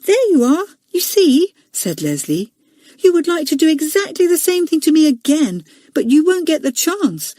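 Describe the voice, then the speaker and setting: A woman's voice: high voice, very animated, moderate pace, dark tone, no echo, pitched above the performer's own voice. A woman voicing a small, cheeky schoolboy who is brave and obstinate, in a storybook reading. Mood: taunting.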